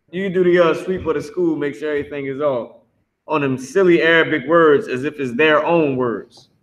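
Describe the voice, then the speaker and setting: A man teaching a live online language class, drawing out drilled words slowly and talking bluntly. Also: on the high side, fairly bright tone, poor audio. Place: Philadelphia.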